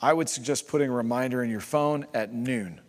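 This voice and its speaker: A man preaching a sermon as pastor, emphatic and repeating phrases for rhythm, building to loud climaxes. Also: medium pitch, fairly quick. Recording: long hall reverb.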